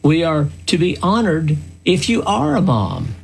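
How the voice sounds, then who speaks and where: An older man hosts a radio commentary, telling stories slowly in an earnest, folksy way. His voice sits a little high, with a sing-song lilt and some vocal fry.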